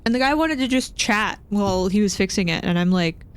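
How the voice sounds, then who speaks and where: Woman streamer from Texas, chatting casually while playing, lively self-deprecating storyteller, mid-pitched voice. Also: fairly quick, clear, resonant tone. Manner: animated, self-deprecating storytelling with nervous laughs. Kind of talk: casual chat while gaming.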